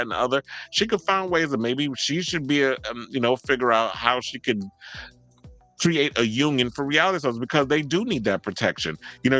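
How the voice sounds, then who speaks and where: A man rants in loose, profane, animated commentary, laughing often as he goes. His voice is bright and forward. Faint music runs underneath. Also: mid-range voice. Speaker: host. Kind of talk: casual commentary monologue.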